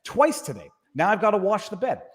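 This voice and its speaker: A man's voice: high voice, wildly swooping pitch, brisk, big-room sound. A man chatting as a guest on a live stream, joking and rambling through asides. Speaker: guest YouTube lawyer. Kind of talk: casual panel chat on a live stream.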